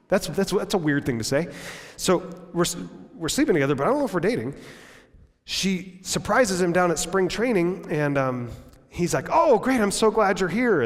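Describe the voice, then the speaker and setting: A man, the pastor, preaching a lively sermon in a church. He acts out bits of dialogue in raised voices and drops to low, quiet tones for emphasis. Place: church sanctuary. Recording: long church reverb.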